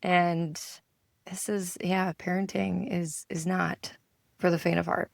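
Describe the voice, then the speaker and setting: A woman co-hosting a podcast in casual chat, her voice hoarse, telling stories and acting out the dialogue. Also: on the low side, level tone, takes it slowly, no echo, studio quality. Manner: storytelling, acts out quoted dialogue. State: hoarse from yelling. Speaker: podcast co-host and enneagram coach.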